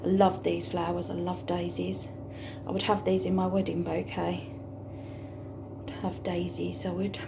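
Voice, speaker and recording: A woman's voice: lowish voice, flat delivery, a little slow, gravelly, background noise. A woman chatting casually in her home kitchen for a vlog, rambling and blunt with the odd swear word. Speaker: vlogger.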